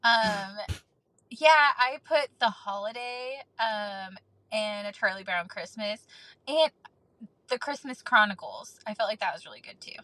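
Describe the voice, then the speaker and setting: A woman's voice: mid-range voice, animated, unhurried, sharp tone, no echo, poor audio. A woman co-hosting a podcast in casual chat, agreeing readily and giggling. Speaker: podcast co-host.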